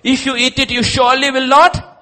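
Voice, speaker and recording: A preacher putting on a sly, shrill mocking devil. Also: male voice, level tone, pushed and bright. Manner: high, mocking, drawn-out questions.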